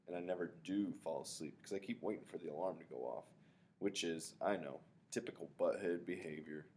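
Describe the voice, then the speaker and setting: Deep-voiced man reading a novel aloud. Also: fairly quick, slight background noise. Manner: relaxed first-person storytelling, casual asides. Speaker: reader of a novel.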